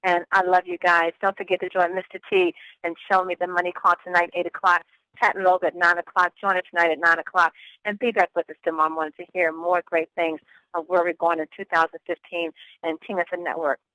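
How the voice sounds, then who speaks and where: An excited pastor closes out a motivational conference call, piling on thanks and encouragement. The voice is bright and forceful, and the sound is dry and close. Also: medium pitch, a little fast, no room sound, poor audio. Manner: effusive, gushing, repeats phrases. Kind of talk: hyped-up motivational call host.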